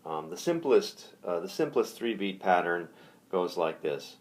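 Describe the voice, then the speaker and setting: A man teaching ukulele patterns in a relaxed, hesitant way, counting the beats aloud. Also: low-pitched, a little slow. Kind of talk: casual music lesson. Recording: ukulele music under the voice. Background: ukulele playing.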